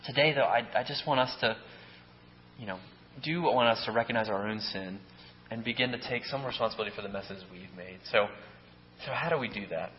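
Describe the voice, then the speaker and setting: A man's voice: on the low side, brisk. A man preaching a sermon in a loose, conversational way, often checking in with "right?" and restarting his sentences. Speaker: pastor. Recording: echoey hall, dull lo-fi sound.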